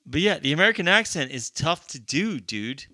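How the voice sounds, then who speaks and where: Blunt, bright-toned man in a dry room. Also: fairly high pitch, very animated, moderate pace, dry recording. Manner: blunt, profane, mock-ranting. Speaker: podcast co-host. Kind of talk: casual movie chat.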